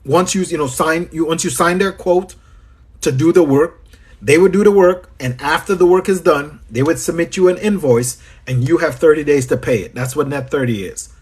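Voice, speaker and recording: A man's voice: on the high side, normal speed, breathy edge. A man from Trinidad with a Trinidadian accent, coaching on a livestream Q&A. He is chatty, greets viewers by name and repeats his phrases. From Trinidad and Tobago. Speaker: business coach.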